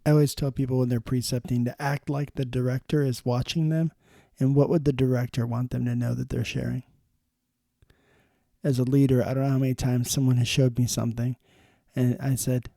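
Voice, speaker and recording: Gravelly-voiced man giving frank advice. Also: mid-range voice, little pitch movement, brisk, mellow, no echo, studio quality. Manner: frank, storytelling, plain-spoken advice. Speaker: emergency nurse and podcast host. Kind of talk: casual instructional monologue.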